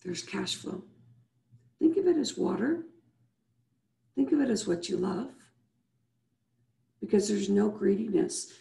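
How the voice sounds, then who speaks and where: A woman's voice: medium pitch, animated, unhurried, gravelly, long pauses, dark tone, echoey room. A woman hosting a live video-call show as a business coach, leading listeners through breathing and asking repeated rhetorical questions. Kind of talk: motivational show wrap-up with guided breathing.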